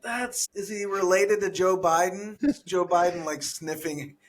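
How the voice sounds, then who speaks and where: Excitable, laughing male comedian. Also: sits high, measured pace. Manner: laughs often, excitable, keeps saying "dude". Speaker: comedian and podcast co-host. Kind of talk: casual chat.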